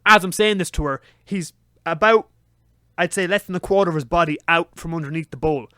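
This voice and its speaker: A young man telling a story on a podcast, swearing freely and acting out his own frantic shouts. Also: a little high, a little fast, clean tone, no room sound, studio quality. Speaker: podcast co-host. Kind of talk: casual storytelling chat.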